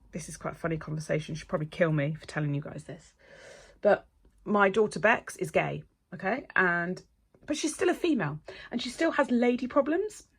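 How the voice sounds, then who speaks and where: A middle-aged woman, chatting casually as a nail technician. She gushes and gets excited, and sometimes drops to a breathy whisper. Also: medium pitch. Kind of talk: casual unboxing chat.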